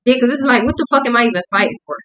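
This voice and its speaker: A woman's voice: on the high side, expressive, a bit bright, low-quality recording. Profane, slangy young woman reading tarot. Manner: profane, slangy, acts out both sides in quick asides. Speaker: tarot reader.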